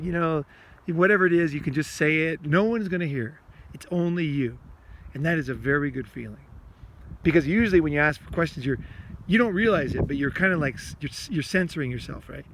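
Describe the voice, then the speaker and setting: On a walk outdoors, a man hosts a self-help podcast in a voice on the high side, with a little hiss or hum on the recording. He rambles loosely, swears often, repeats himself, and acts out his inner rants.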